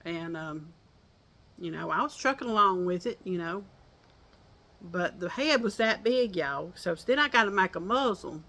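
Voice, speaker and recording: With a fairly low, sharp-toned voice, this older Southern woman sounds animated but talks a little slowly. She's a crochet vlogger having a folksy, laugh-filled chat with viewers on an outdoor porch.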